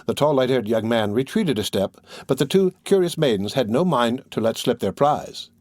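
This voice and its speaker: A man narrating a classic novel aloud in a measured, even audiobook reading. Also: mid-range voice, no room sound, clean studio sound.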